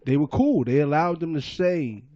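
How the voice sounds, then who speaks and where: Slightly high-pitched and at an ordinary pace, this man co-hosts a podcast, chatting casually and spinning lively stories punctuated by frequent laughter. The recording is dry, with no room sound and a dull lo-fi quality.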